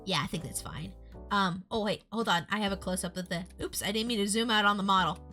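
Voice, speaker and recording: Bright-voiced girl rambling on stream, chatting with chat, low music playing underneath. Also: fast. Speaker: VTuber artist streaming a model demo. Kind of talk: casual live stream chat.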